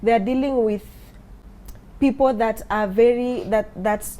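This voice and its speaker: A woman's voice: a little high, unhurried, mellow. A Kenyan woman in her thirties, a mother recounting her life with an autistic child, mixing English and Swahili as she talks. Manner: switches between English and Swahili mid-sentence, acts out voices in quotes. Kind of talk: emotional personal storytelling.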